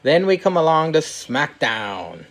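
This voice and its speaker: A man's voice: on the high side, very animated, measured pace, a bit bright. A man hosting a podcast, chatting casually about wrestling, laughing often, swearing, and acting out quotes. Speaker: podcast host.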